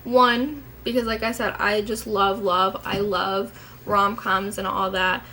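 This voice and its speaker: A woman's voice: mid-range voice, little pitch movement, takes it slowly, pushed and bright, slight background noise, rough recording. A young woman chatting casually to her camera at home as a vlogger, rambling and candid, swearing now and then.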